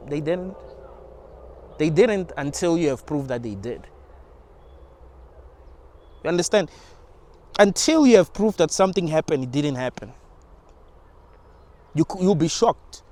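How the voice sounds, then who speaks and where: A young man with a fairly high voice talks loosely and informally, restarting his sentences and dropping in slang. He muses aloud in an unscripted monologue. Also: expressive, moderate pace, long pauses, darkish tone. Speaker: channel host. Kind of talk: casual spiritual monologue.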